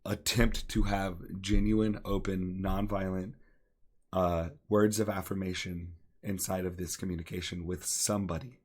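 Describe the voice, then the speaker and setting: A man's voice: sits low, level tone, measured pace, breathy edge. A young man co-hosting a podcast, talking earnestly and encouragingly, often repeating phrases for emphasis. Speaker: podcast co-host. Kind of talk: earnest casual talk.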